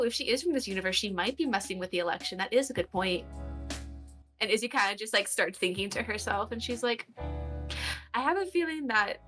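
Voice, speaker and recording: A woman's voice: mid-range voice, fairly bright tone. A woman player in a tabletop game, rambling and thinking aloud. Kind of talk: casual tabletop role-play.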